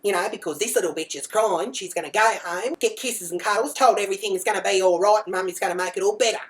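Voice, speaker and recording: A woman's voice: mid-range voice, quick pace. A woman, a mother telling a comic story in character, blunt and crude, swearing freely and rambling off on asides.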